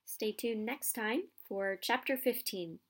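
A woman's voice: fairly high pitch, takes it slowly. Woman reading a children's novel aloud. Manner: expressive storytelling.

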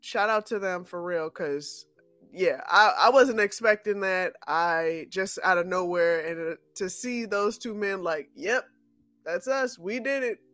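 A podcast co-host in casual chat, answering with short affirmations and relaxed, drawn-out remarks. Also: medium pitch, clear, resonant tone, no room sound, soft background music.

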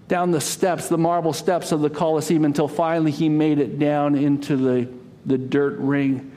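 A man preaching a sermon, telling a story dramatically, rising to loud cries and dropping to a hush. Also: fairly high pitch, little pitch movement, moderate pace. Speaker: pastor.

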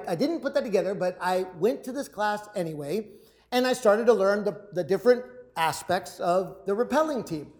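High-voiced man telling a story. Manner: animated storyteller who acts out quoted shouts, repeats words. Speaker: public speaker. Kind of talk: motivational storytelling talk to a live audience. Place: room with a live audience.

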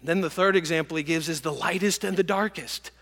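A man preaching a sermon and telling stories, dropping to hushed whispers and rising to loud bursts. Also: on the high side, fairly quick, big-room sound. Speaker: pastor.

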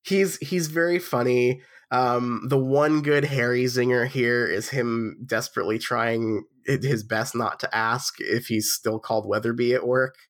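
A man's voice: a little slow, few pauses. A man co-hosting a podcast, sounding nasal with the flu, chatting in a wry, sweary way. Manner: wry, sweary, lively pitch swings. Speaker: podcast co-host. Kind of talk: casual chat.

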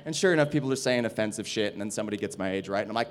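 A young adult stand-up comedian tells a story during an interview, speaking fast with a voice on the low side and few pauses. He's profane and animated, acting out other people's voices.

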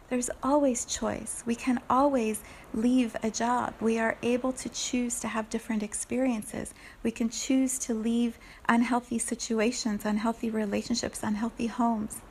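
A woman giving a reflective spiritual talk, playful and quick to laugh. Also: a little high, level tone, a little hiss or hum. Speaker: spiritual speaker.

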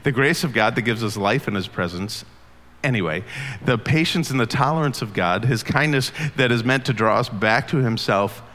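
A pastor preaches a sermon, earnest and conversational, asking his congregation questions. His mid-range, slightly bright voice has lively intonation at a moderate pace, with long hall reverb on the recording.

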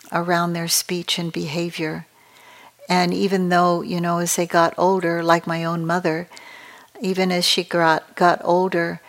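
At a retreat, a female meditation teacher delivers a dharma talk in a slightly low voice. Her pace is slow and calm, and her delivery is measured and reflective.

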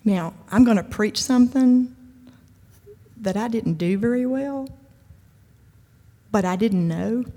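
A woman's voice: fairly high pitch, slow pace, pauses often, warm tone. A woman giving a conversational, emphatic sermon-style talk at a church event, with humor and frequent asides. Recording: long hall reverb.

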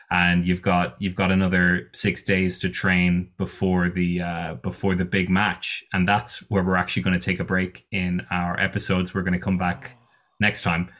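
Low-voiced rambling game master. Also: male voice, fairly bright tone. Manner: rambling, swearing, frequent fillers. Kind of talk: narrating a tabletop game.

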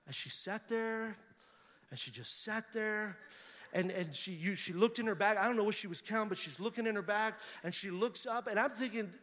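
A middle-aged man, a pastor telling a story in a sermon and building to loud preaching. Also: high-pitched, normal speed. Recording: reverberant hall.

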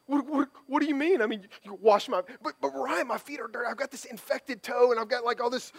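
A man's voice: very high-pitched, fairly quick, creaky, pitched above the performer's own voice, full character voice. A pastor acting out a panicked young man who fusses over his dirty feet, stammering in a frantic rush.

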